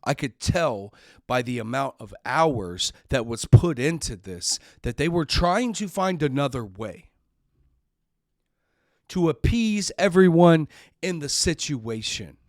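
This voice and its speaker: A man's voice: on the high side, expressive, slow pace, no echo, clean studio sound. A middle-aged man hosting a podcast, telling a personal story in an earnest, emotional way and sometimes repeating words when upset. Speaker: podcast host.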